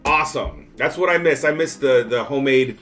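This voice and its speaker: A man with a bright, forceful voice chats casually on a livestream. He rambles and laughs at himself, restarting his sentences often. Faint music plays behind him. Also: mid-range voice, a little fast. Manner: rambling storyteller, self-mocking, many restarts. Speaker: livestream co-host. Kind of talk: casual chat.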